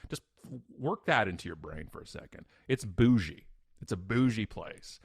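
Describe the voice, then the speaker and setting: A middle-aged man sits as a podcast guest and spins a story from his own life. His voice sits low and sounds dry and close. He talks bluntly and with emphasis, repeats his punchlines, and pokes fun at himself. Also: animated, moderate pace, vocal fry, breathy edge, no room sound. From Canada. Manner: blunt, emphatic, self-mocking, repeats phrases. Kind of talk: animated personal storytelling.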